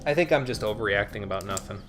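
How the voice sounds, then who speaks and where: A man's voice: on the low side, animated, quick pace, a bit bright, faint music behind. A man hosting a casual gaming livestream, chatting easily with viewers and often repeating himself as he talks. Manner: chatty, responds to chat, repeats words. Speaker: livestream host.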